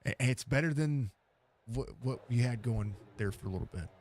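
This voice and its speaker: A man's voice: medium pitch, normal speed, darkish tone. A man hosting post-race interviews in casual talk, laid-back and rambling, laughing often, on a headset mic. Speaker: race broadcast host.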